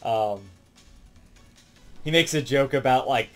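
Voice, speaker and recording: A man with a mid-range voice recaps a film in a loose, wandering way, leaning on "um" and "like" as he goes. He talks as a reviewer in a relaxed, unscripted chat, and faint music plays behind him. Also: medium pitch, normal speed. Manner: rambling, heavy on fillers like "um" and "like". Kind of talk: casual spoken movie recap.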